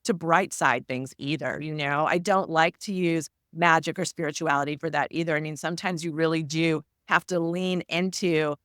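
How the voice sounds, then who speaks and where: Woman, smooth clear voice, dry close sound, earnest, reflective, casual interview guest. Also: low voice, fairly even intonation, moderate pace, hardly any pauses, a bit bright, dry recording. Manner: earnest and reflective, many fillers. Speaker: guest author and tarot reader.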